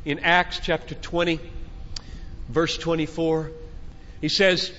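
A man's voice: on the high side, little pitch movement, slow pace, pushed and bright. A man preaching a sermon to a large gathering, speaking as a father, with earnest, fatherly exhortation that builds through emphatic repetition. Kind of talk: sermon to a conference crowd. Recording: muffled hall recording with long reverb.

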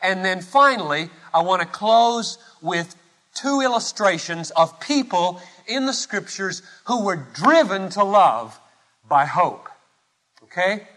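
A male pastor preaching a sermon, impassioned and rhetorical, swinging from loud declarations to hushed lines. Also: high-pitched.

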